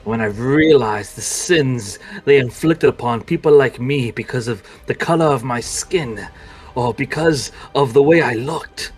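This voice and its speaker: A man playing a menacing dark-order warrior. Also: medium pitch, close to an everyday voice. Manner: threatening, measured.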